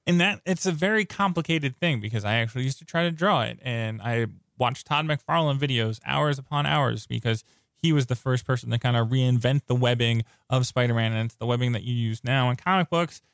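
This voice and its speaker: A man co-hosting a casual film review podcast, talking with eager, rambling enthusiasm and frequent restarts. His voice sits at an ordinary pitch and sounds close and dry, with no room around it. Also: brisk, dry recording. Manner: excitable, rambling fan talk with restarts. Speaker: podcast co-host. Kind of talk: casual movie review chat.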